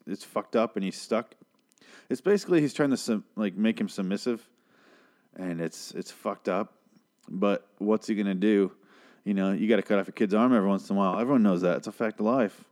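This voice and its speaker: A low-voiced man recapping a TV episode in a loose, rambling way. He swears freely and tosses in sarcastic asides as he goes. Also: a little fast, a little mellow. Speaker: show recapper.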